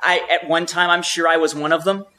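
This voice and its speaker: A man's voice: a little high, level tone, brisk, bright, forceful tone. A man talking casually and thoughtfully, explaining his view at length. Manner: thoughtful, explanatory, with some restarts. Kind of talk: casual chat.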